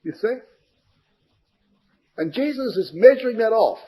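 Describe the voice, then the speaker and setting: A man's voice: high-pitched, expressive, measured pace, long pauses, warm tone, husky, poor audio. A man giving a verse-by-verse Bible study to a congregation, emphatic and full of rhetorical questions.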